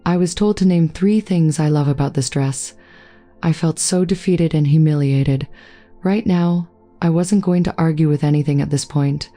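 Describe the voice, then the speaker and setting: Woman narrator, low pitch, warm mellow tone, steady scripted read over faint music. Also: moderate pace. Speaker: story narrator.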